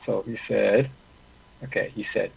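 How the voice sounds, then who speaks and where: A man teaching an online class, his voice very husky with a gravelly fry. He talks haltingly, restarting phrases and checking in with the listeners. The audio sounds dull and lo-fi. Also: lowish voice. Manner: halting, with frequent restarts and "okay, right?" check-ins.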